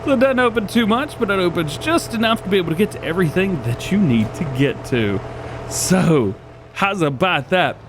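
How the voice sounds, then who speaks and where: A man's voice: high-pitched, lively intonation, normal speed, noisy background. A man hosting a gaming channel, giving chatty gameplay commentary and laughing often, while he is losing his voice.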